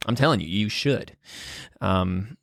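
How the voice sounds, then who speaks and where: A Wisconsin man in his twenties hosts a casual solo podcast from a room at home with guitars on the wall, rambling hesitantly with lots of ums, restarts, and frequent laughs. His fairly low, creaky voice has a fairly bright tone and a slightly slow pace, captured in a dry, studio-quality recording.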